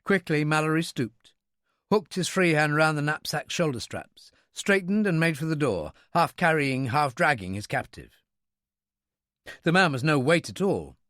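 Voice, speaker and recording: A man narrating a wartime thriller audiobook with an expressive, dramatic reading. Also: fairly high pitch, a little slow, no echo, clean studio sound. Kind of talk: scripted narration.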